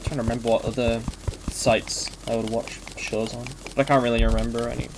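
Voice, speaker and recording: A man's voice: medium pitch, flat delivery, a little fast, noisy background. A young adult man casually chatting while he streams a game, rambling with lots of fillers and swearing. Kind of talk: casual gaming stream chat.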